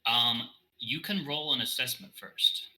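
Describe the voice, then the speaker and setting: Bright-voiced male game master. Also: mid-range voice, unhurried, slight background noise, rough recording. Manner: loose, rambling narration with restarts. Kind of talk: narrating a tabletop game.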